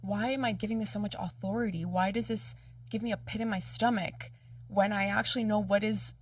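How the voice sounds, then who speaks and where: A woman hosting a podcast speaks casually and thoughtfully about her own feelings and drops in short agreeing asides. Her voice sits in a middle pitch. The sound is dry and a little distant from the mic. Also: steady tone, brisk, no echo. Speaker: podcast host. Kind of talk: casual chat, personal reflection.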